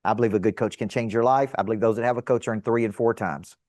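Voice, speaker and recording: A middle-aged man teaching a seminar to a live audience as a sales coach, energetic and emphatic, asking rhetorical questions. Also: on the low side, quick pace, no room sound.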